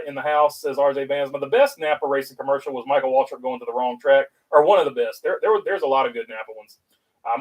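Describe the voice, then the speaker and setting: A man's voice: mid-range voice, far from the mic, low-quality recording. Southern-accented man rambling through stream chat. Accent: North Carolina Southern. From North Carolina. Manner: rambling, many filler uhs, reads chat aloud. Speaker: livestream host reading chat. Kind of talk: casual livestream chat.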